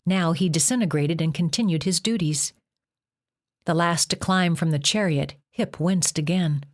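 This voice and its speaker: A woman narrating a novel as an audiobook in a measured reading. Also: lowish voice. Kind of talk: scripted narration.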